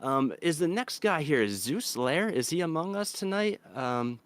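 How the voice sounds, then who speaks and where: A man's voice: a little high, big pitch swings, measured pace, clean tone. A man hosting a comedy roast on stream, reading crude jokes from his notes in a dry way. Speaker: roast host.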